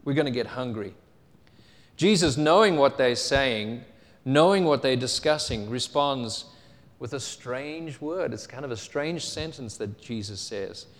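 Male preacher, conversational storytelling sermon, average pitch, reverberant hall sound. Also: lively intonation, a little slow. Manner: storytelling, conversational, with fillers and rhetorical questions. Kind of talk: Bible reading and sermon teaching.

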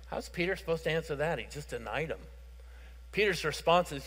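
A man preaching a sermon as pastor, explaining scripture and moving between hushed passages and loud, fervent emphasis. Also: fairly high pitch, animated, brisk. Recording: reverberant hall.

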